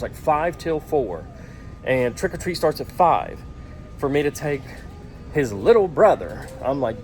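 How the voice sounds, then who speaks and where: A man in a casual family vlog, joking and coaxing his kids, recorded on a handheld camera outdoors and in a store. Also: medium pitch. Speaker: vlogger and father. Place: outdoors trick-or-treating, then a store. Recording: noisy handheld camera audio.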